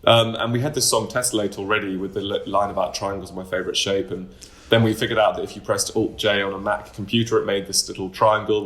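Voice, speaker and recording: A man's voice: fairly low pitch, a bit bright. A man, a band member being interviewed, talking in a loose, rambling way with many fillers and restarts. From United Kingdom. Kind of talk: casual interview talk.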